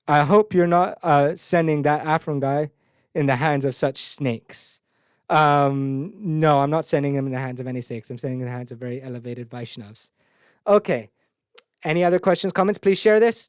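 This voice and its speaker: A man's voice: a little high, darkish tone, clean tone, no room sound, studio quality. A man giving a devotional class, impassioned and ranting at times, with many Sanskrit terms. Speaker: spiritual teacher.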